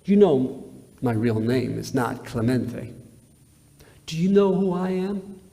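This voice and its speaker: A man acting out a boastful teenage boy who reveals a dark family secret, his voice rising to a shout and falling to a whisper. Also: medium pitch, animated, slow, vocal fry. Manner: swelling to a shout, then dropping to a whisper. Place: large synagogue sanctuary. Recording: reverberant hall, live webcast.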